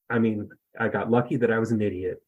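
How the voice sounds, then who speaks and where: A man in his fifties from the US West Coast, guesting on a podcast, tells a story in a rambling, self-deprecating way, full of fillers and restarts. His voice is lowish, a little mellow and husky, with fairly even intonation and a fairly quick pace. The recording sounds muffled.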